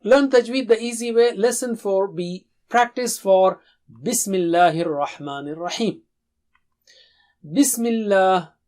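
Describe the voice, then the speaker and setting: A Quran recitation teacher giving a lesson and drilling syllables slowly for pupils to repeat. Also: mid-range voice, a little mellow. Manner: slow, careful, stresses single syllables for pupils to copy.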